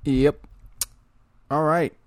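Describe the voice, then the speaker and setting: A man's voice: fairly high pitch, fairly even intonation, no room sound. Laid-back man, dry close sound. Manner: laid-back, short reactions, quick laughs. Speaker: podcast host. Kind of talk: casual fantasy football chat.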